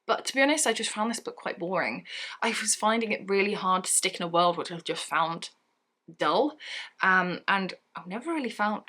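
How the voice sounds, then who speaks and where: A young woman rants casually to camera about a disappointing book. Her voice is bright and forceful, her delivery chatty and exasperated. She laughs often between complaints. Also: medium pitch, animated, normal speed. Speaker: book vlogger. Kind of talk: casual book review rant.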